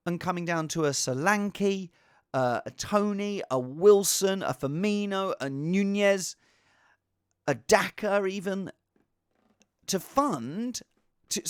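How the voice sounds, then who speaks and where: A man giving casual, rambling fantasy football advice in an excitable, self-deprecating way. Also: sits high, dry recording, studio quality.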